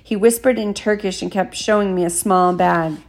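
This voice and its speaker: A woman reading an audiobook chapter in a steady, measured first-person narration. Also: medium pitch. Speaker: audiobook reader.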